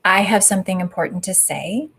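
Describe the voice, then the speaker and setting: A woman communication coach explains her answer to an online audience. She talks in a thoughtful, explanatory way at an ordinary middle pitch, rewording herself as she goes. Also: fairly quick, creaky, fairly bright tone, husky. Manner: thoughtful, explanatory, with some self-corrections.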